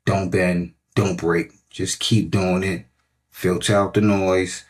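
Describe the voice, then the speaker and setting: Husky low-voiced male fitness coach. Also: little pitch movement, slow. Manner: emphatic and repetitive, keeps checking in with "right?". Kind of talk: motivational podcast talk.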